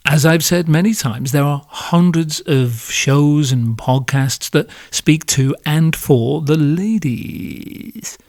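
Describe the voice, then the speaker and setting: Sarcastic sweary podcast host. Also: male voice, medium pitch, darkish tone, no room sound, studio quality. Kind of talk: comedic monologue.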